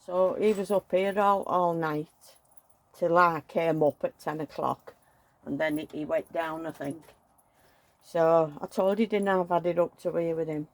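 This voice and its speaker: A woman's voice: low voice, fairly even intonation, a little slow. A middle-aged woman, chatting and venting emotionally while dressing a doll at home. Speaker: doll collector vlogger.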